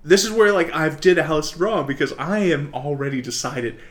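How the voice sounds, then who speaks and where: A man's voice: a little high, moderate pace. A man on a casual podcast telling a story, swearing freely and acting out the people he quotes. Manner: animated, swearing, acts out quoted voices. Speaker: podcast co-host.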